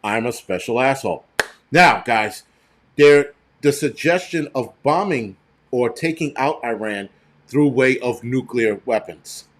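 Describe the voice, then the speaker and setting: A man's voice: mid-range voice, animated, unhurried, a little hiss or hum. Blunt, profane American man. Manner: blunt, profane and rambling, talking straight to viewers. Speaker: prepper channel host. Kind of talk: casual live-stream commentary.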